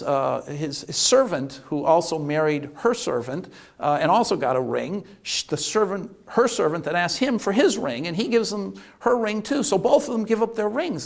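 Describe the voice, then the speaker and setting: A man giving a lecture, retelling a play as an animated storyteller who often restarts and fills with "uh". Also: sits high, gravelly. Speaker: economics lecturer.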